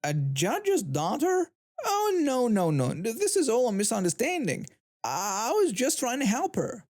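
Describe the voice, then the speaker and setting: A shrill, entitled middle-aged woman, as a man voices her in a narrated storybook tale. She speaks high and strained, pushing up toward a squeal, while the voice stays dark and mellow underneath. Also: wildly swooping pitch, a little slow, heavily acted. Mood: panicked.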